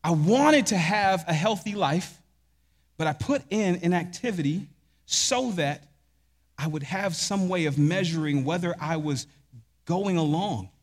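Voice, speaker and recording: Brief: male pastor, high voice, emphatic sermon delivery, rhetorical questions, long hall reverb. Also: lively intonation, a little slow.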